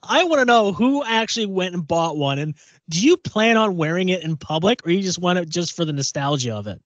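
A man's voice: high voice, expressive, fairly quick, no echo, muffled recording. Chatty man co-hosting a podcast. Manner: chatty, repeats words while thinking. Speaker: podcast co-host. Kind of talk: casual chat.

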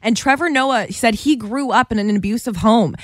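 A woman's voice: a little high, normal speed, no room sound. Woman co-hosting morning radio, chatty and emphatic, dry studio sound. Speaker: radio morning show co-host. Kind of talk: casual radio chat.

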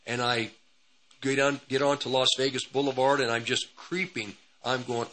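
A man's voice: mid-range voice, little pitch movement, normal speed, bright, forceful tone, slight background noise, low-quality recording. A man hosting a radio ministry program, telling a personal testimony in a rambling, repetitive way. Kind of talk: testimony storytelling.

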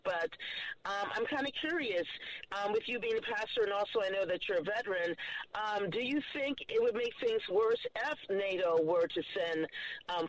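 A woman's voice: fairly low pitch, rough recording. A woman calling in to a radio show, speaking hesitantly with many fillers. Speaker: caller. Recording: radio call-in line.

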